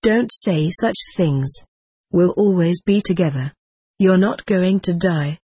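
Lady reading as a young daughter, soft and choked up, breathy, a bit low. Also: slow, no room sound, exaggerated voice. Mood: reassuring. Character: young woman, devoted tearful daughter.

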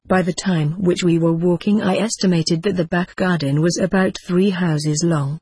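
A man reading a storybook aloud as narrator, in a measured, gently expressive way. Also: high voice, breathy edge, dry recording.

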